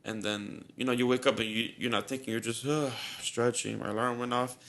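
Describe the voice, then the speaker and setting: A man's voice: medium pitch, steady tone, brisk, fairly bright tone. A young man on a podcast telling a story in casual chat, rambling and repeating himself with a lot of "like", sounding shaky and nervous. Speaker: podcast co-host.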